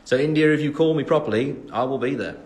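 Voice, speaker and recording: A fast-talking young man from the West Midlands, with a medium-pitched, slightly mellow English-accented voice, hosts a casual phone livestream as a singer. He reads fan questions aloud with lots of ums in between.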